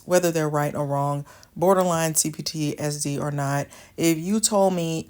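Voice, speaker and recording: A woman's voice: lowish voice, a little mellow. A woman hosting an advice channel, talking straight to her viewers in an earnest, plainspoken, coaching way. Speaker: channel host giving advice. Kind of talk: direct-to-camera advice talk.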